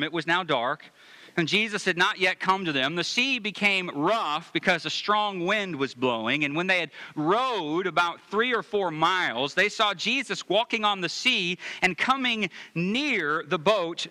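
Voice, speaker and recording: A man preaching a sermon, reading scripture and speaking straight to the congregation, dropping to hushed low passages and rising to emphatic ones. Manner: reads scripture aloud and comments on it directly to the congregation. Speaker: pastor.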